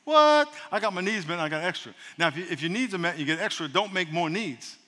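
A man preaching a sermon as a pastor, lively and humorous, leading the congregation in call-and-response. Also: high-pitched, fast, big-room sound, slight background noise.

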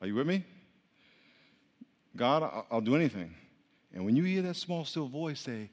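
A man preaching a sermon to his congregation in a casual, conversational way, joking with the crowd and swinging between quiet and loud. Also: medium pitch, big pitch swings, normal speed, pauses often. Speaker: pastor. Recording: long hall reverb.

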